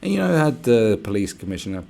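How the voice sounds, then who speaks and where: A man's voice: on the low side, very animated, quick pace, vocal fry, dark tone. A young man ranting casually to camera, sarcastic and rambling, swearing often. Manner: swearing, rambling and sarcastic, slips into mock voices. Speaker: vlogger.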